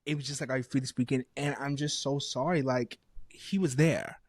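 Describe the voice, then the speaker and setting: A young man co-hosting a podcast, telling a rambling, animated story full of quoted dialogue in casual chat. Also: medium pitch, a little fast, crowd noise. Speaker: podcast co-host.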